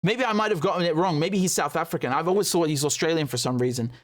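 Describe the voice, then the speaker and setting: Indignant, sarcastic male commentator, higher voice. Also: fast talker. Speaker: political commentator. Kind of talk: video commentary reacting to clips.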